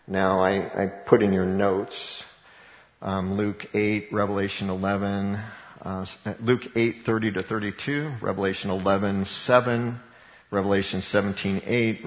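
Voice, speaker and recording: A male pastor giving a casual, animated sermon, chuckling as he explains scripture. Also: lowish voice. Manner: animated, chuckling, conversational preaching. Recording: dull sound in a reverberant hall.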